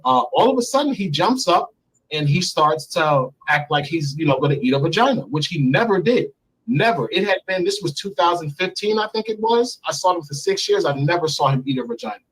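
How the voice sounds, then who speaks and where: A man in his thirties, recounting a story candidly and profanely in an interview, getting animated as he goes. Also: fairly quick, breathy edge, poor audio. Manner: animated, profane, climbs high when excited. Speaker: interview guest. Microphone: remote stream mic.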